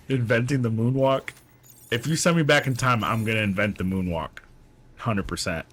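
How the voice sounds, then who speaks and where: A man's voice: mid-range voice, moderate pace, a bit bright. A man chatting casually while streaming a game, rambling and joking with plenty of swearing. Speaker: gaming streamer. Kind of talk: casual chat while playing.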